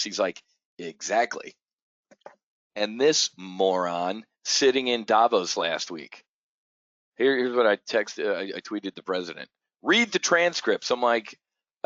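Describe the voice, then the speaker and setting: Male trading-show host with a low voice for a blunt, cursing unscripted rant that restarts often. Dull, muffled recording. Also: a bit bright, no room sound. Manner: blunt and profane, with frequent stammered restarts. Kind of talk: unscripted market commentary rant. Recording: dull, dry lo-fi audio.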